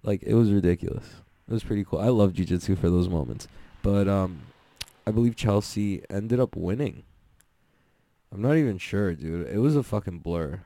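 Young male host, loose excitable recap talk with lots of swearing; dark, mellow tone. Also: fairly low pitch, normal speed, dry recording. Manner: rambling, profane, excitable, laughs often. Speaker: podcast host recapping jiu-jitsu events. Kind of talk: casual solo recap.

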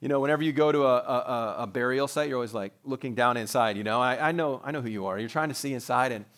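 Animated, joking middle-aged pastor. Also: male voice, medium pitch, fast talker. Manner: animated and joking, chatty asides. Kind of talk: sermon.

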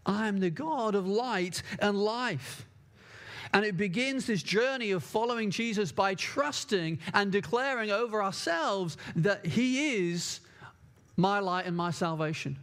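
A man's voice: high-pitched, a bit bright. A man preaching a sermon, earnest and emphatic, repeating key words for stress.

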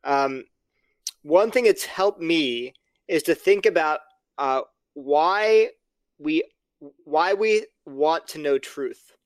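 A man's voice: a little high, animated, takes it slowly, long pauses, clear, resonant tone, no echo. A man speaking as a podcast guest, explaining his view earnestly and acting out both sides of imagined exchanges. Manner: earnest, argumentative, acts out quoted dialogue. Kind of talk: casual podcast conversation.

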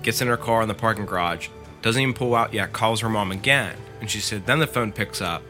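Man, low pitch, bright forceful tone, casual story retelling, lots of "like", faint music behind. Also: a little fast. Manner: filler-heavy, lots of "like", quotes the storyteller. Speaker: podcast host retelling a scary story.

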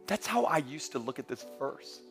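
Bright-voiced pastor preaching emphatically. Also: male voice, on the high side, sing-song, moderate pace, vocal fry, faint music behind. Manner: emphatic, rising to near-shouting peaks; storytelling with humor and quoted voices. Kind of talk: sermon.

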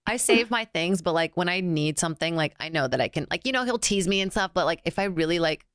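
A woman's voice: fairly low pitch, animated, fast talker, fairly bright tone, no echo, studio quality. A woman in her thirties, a comedian chatting casually as a guest, with lots of fillers and laughs. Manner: chatty, lots of likes, laughs while talking. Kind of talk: casual chat.

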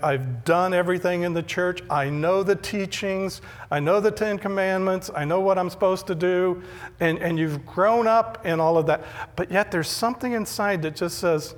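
A man's voice: on the high side, long reverb tail. A middle-aged male pastor preaching a sermon in a conversational way, often repeating words when he stresses a point.

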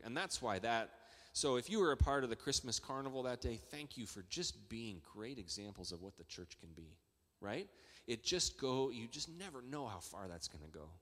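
A man preaching a sermon as pastor, talking in a conversational way that builds to excited emphasis. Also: mid-range voice. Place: church hall. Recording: long reverb of a large church hall.

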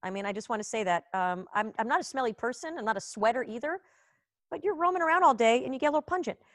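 A woman's voice: a little high, expressive, quick pace, no room sound, studio quality. Chatty profane woman from Israel. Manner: chatty, profane, self-mocking, jumps between topics. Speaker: comedian hosting a live online show. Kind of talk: casual rambling stand-up chat. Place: home, on a video call.

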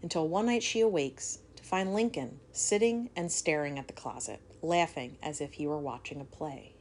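A woman's voice: low voice, normal speed, a little mellow, slight background noise. A woman co-hosting a podcast, reading a history story aloud and breaking off to joke and swear. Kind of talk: casual storytelling chat.

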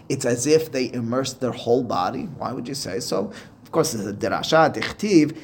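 A man's voice: mid-range voice, slight background noise. A man, a rabbi, teaching a Talmud lesson, reading Aramaic and Hebrew phrases and then explaining them step by step.

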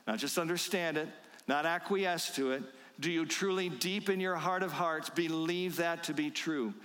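A man preaching a sermon, slow and emphatic, asking his listeners rhetorical questions. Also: fairly high pitch, a bit bright, in a large hall. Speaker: pastor.

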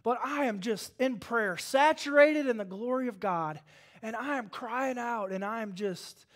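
A man preaches from the pulpit. His voice sits high for a man, and he swings between hushed, intimate passages and loud, fervent bursts. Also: measured pace. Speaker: pastor. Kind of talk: sermon.

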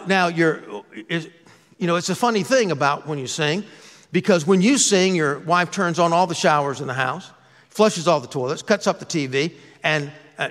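A man's voice: a little high, fairly bright tone. Man preaching in a reverberant church. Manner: conversational, joking, with playful asides. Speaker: pastor. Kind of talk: sermon.

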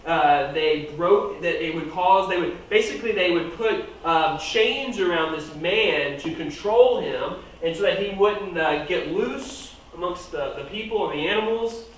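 Echoey high-voiced man preaching from afar. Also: measured pace, hardly any pauses, slight background noise. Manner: animated, rising and dropping volume for emphasis. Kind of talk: sermon. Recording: very echoey room, voice from far off.

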